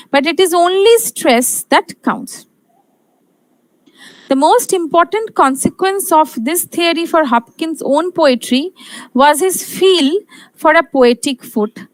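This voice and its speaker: Slow, high-voiced woman lecturer. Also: no echo, low-quality recording. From India. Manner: repeats key points, asks and answers own questions. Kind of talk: exam-prep lecture.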